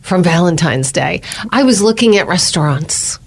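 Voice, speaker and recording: A woman's voice: lowish voice, lively intonation, normal speed, breathy edge. A woman co-hosting a morning radio news show, chatty and teasing, laughing easily. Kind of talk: casual morning radio banter.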